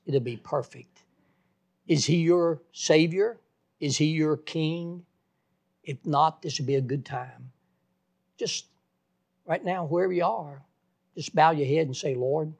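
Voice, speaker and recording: An earnest preacher gives a folksy sermon, repeating his phrases and stumbling over restarts. His voice is husky, and it sits a bit higher than most men's voices. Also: a little mellow.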